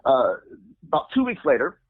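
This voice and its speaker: A man telling a story in a lively, sing-song way, his pitch leaping whenever he acts out the people in it. His voice is husky. The sound is thin and phone-like. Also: normal speed. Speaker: guest demonologist. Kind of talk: animated storytelling. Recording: phone-like lo-fi audio.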